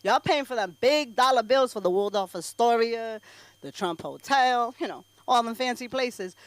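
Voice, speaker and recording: Brash, high-voiced woman doing stand-up. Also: expressive, normal speed. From Bangladesh. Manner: brash, sassy, swings between loud punchlines and low asides. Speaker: stand-up comic at an open mic. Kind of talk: stand-up comedy set. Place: comedy club stage.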